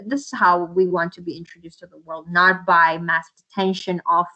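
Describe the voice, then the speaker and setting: A woman's voice: fairly low pitch, flat delivery, normal speed, muffled recording. A woman answering interview questions in an earnest, impassioned way, often restarting her sentences. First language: Uyghur. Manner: impassioned, with many restarts and fillers. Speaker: interview guest.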